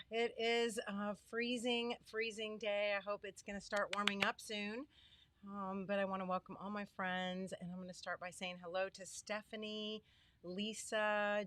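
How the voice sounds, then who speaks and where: A woman's voice: medium pitch, clear, resonant tone, no room sound. Middle-aged woman chatting on her live stream, dry close sound, friendly and a bit choked up. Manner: warm, chatty, greets viewers by name, emotional. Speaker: livestream host and small business owner. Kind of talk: casual live stream chat. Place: her home studio.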